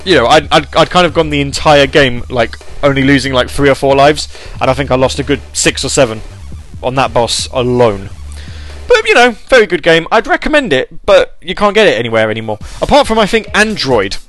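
A man's voice: medium pitch, fairly quick, fairly bright tone, soft background music. A man hosting a podcast alone, rambling and self-deprecating, with many fillers and restarts. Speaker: podcast host. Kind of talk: casual solo podcast chat.

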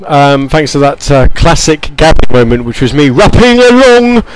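A man's voice: on the high side, animated, normal speed, rough recording. A man hosting a gaming and music stream, chatting casually and rambling with fillers and asides. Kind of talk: casual chat.

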